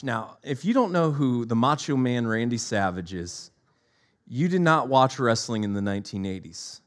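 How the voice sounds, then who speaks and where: A man in his forties preaching a sermon, telling stories with lively repeated phrases. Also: medium pitch.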